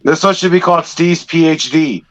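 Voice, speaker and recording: A man's voice: on the high side, normal speed, lo-fi sound. A man co-hosting a comedy podcast, talking in a teasing, profane way. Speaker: podcast co-host. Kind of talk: casual comedy podcast chat.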